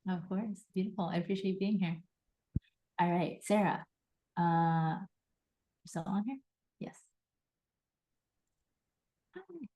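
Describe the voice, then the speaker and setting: A woman hosting a live card reading, enthusiastic and animated, acting out little quoted voices as she coaches. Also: fairly low pitch, takes it slowly, long pauses. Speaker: host and intuitive reader.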